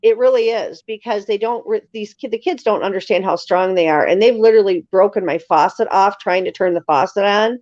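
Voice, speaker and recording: A woman telling stories as an interview guest in a casual, lively way, acting out other people's lines. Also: medium pitch, a little fast, few pauses, no echo. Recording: slightly dull lo-fi sound.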